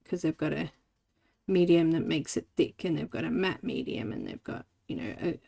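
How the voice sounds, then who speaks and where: A woman's voice: low voice, wildly swooping pitch, moderate pace, creaky, warm tone, breathy edge. A woman hosting a live coloring stream, chatting casually and telling stories with frequent laughs. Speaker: livestream host. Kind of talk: casual chat while coloring.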